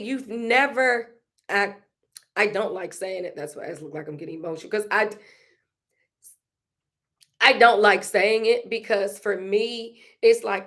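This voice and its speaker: Slow, heartfelt woman talking casually. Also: mid-range voice, animated, fairly bright tone. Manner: conversational, slow, emotional, laughs often, repeats phrases. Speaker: podcast host. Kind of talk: casual reflective monologue.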